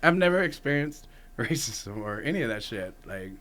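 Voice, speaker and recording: A man's voice: mid-range voice, big pitch swings, moderate pace, fairly bright tone. Laid-back man who swears and laughs. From Texas. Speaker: podcast guest. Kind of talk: casual conversation.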